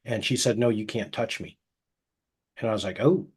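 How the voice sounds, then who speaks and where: A middle-aged man who works as a hypnotist, telling anecdotes casually and acting out the quoted dialogue, with a soft, slow voice for the hypnotic suggestions. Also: lowish voice, slightly rough. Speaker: hypnotist guest. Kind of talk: casual storytelling interview.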